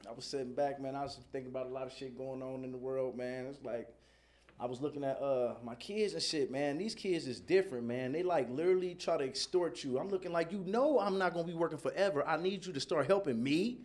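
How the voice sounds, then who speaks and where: A male stand-up comedy host, loose and profane, slipping into animated voices for his bits. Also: medium pitch, a little fast.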